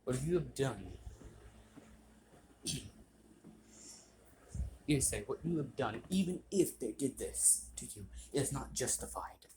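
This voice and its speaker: A man's voice: medium pitch, sing-song, slow, pauses often, background noise. A man voicing a stern, formal noble father passing judgment.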